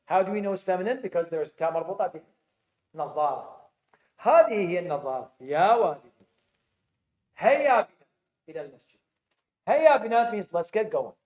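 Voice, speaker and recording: A high-pitched male teacher with a darkish tone swings his pitch widely and talks very fast, though he takes long pauses. He quizzes his Arabic students and repeats phrases with frequent restarts in an echoey classroom lecture.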